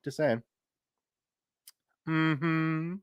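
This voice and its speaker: Guy in his 30s streaming, chatty, reads chat out loud, laughs a lot, dead dry mic. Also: a little high, fairly even intonation, extremely slow, smooth, dry recording, dull audio. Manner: chatty, reads viewer comments aloud, laughs easily. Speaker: streamer and story reader. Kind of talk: casual live-stream chat.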